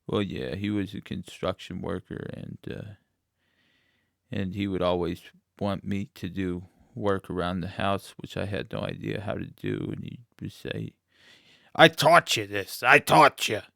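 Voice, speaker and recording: A man from Indianapolis, a playwright being interviewed, who tells absurd stories in a deadpan, matter-of-fact way. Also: deep voice, normal speed, vocal fry, dry recording, clean studio sound. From Indianapolis, USA. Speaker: playwright guest.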